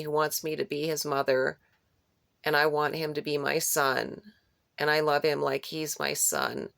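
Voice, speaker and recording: Low gravelly woman, dream retelling. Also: no room sound, studio quality. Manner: repeats phrases for emphasis; rambling, with restarts and searching for words. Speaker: vlogger recounting a dream. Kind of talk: unscripted personal retelling of a dream.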